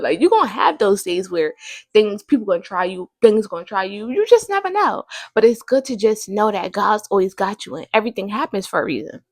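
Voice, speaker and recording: A woman's voice: medium pitch, no room sound. A woman hosting a casual faith podcast, rambling and thinking aloud with many fillers. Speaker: podcast host.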